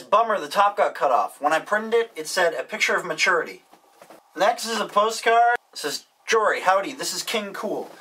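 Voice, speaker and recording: Young male vlogger, deadpan joker reading fan mail; bright, edgy tone, mic set back. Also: sits high, far from the mic, rough recording. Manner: dry, wisecracking asides. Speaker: YouTuber reading viewer mail. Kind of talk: casual vlog, reading postcards aloud.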